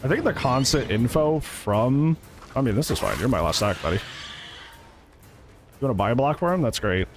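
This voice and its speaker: Male streamer, relaxed reactive play-by-play, animated delivery over background music. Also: medium pitch, moderate pace, long pauses. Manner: chatty, reacts and laughs often, greets chat. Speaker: gaming streamer. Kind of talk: live gameplay commentary.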